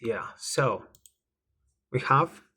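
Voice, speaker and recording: Very slowly and expressively, this Spanish teacher spells out words and repeats phrases throughout his lesson. The man's mid-range voice is husky yet bright, with a forceful edge.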